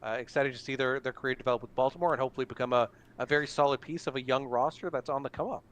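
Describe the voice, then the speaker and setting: A man's voice: medium pitch, fairly even intonation, racing, fairly bright tone. A man hosting a casual online hockey draft stream, announcing picks with frequent fillers. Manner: easygoing, filler-heavy announcing. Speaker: draft broadcast host. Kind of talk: casual live draft commentary.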